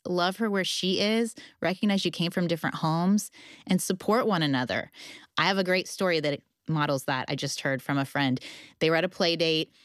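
A woman telling lively stories about motherhood as a guest in casual chat. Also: fairly low pitch, dry recording, clean studio sound. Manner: animated storyteller. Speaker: guest author.

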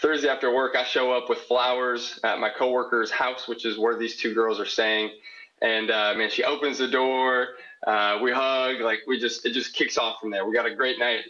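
A man's voice: medium pitch, steady tone, moderate pace, bright, forceful tone, muffled recording. A young man from South Dakota, calling in with a question, telling a personal story in an earnest, rambling way. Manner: earnest, rambling, quotes people as he tells it. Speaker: caller asking a question. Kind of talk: candid storytelling.

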